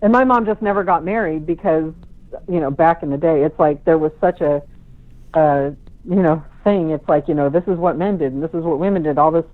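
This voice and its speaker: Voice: mid-range voice, a little fast, no room sound. Co-host counseling a caller, earnest and repetitive, thin phone-quality sound. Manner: earnest, repeats points for emphasis. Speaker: radio co-host giving spiritual advice. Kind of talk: advice on call-in radio.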